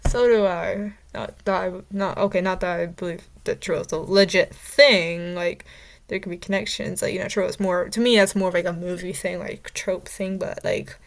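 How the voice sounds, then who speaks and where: A woman's voice: fairly low pitch, steady tone, moderate pace, creaky. A young woman giving casual, rambling commentary as she ranks characters in a vlog, chatty and opinionated, with lots of fillers and stumbles. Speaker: vlogger ranking characters.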